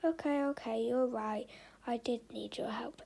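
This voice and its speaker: A woman's voice: fairly high pitch, fairly even intonation, unhurried, vocal fry, warm tone, husky, exaggerated voice, poor audio. A woman voicing a greedy, selfish male monkey in a storybook tale, grumbling at first and panicky when stuck. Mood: pleading.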